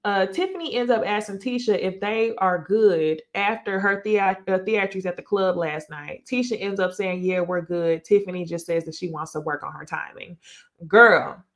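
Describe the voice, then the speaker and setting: A woman hosts a live recap of a reality show and chats freely with her viewers. Her delivery is animated and full of slang, and she talks straight to the audience. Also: mid-range voice, moderate pace. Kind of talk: casual live recap commentary.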